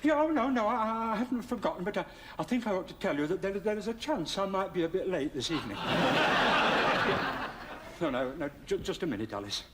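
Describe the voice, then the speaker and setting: An actor playing a timid, hen-pecked prison officer who stammers nervously and politely in a television sitcom. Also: male voice, high voice, very animated, brisk. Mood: flustered. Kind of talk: 1970s TV sitcom acting. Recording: loud hiss from old TV audio.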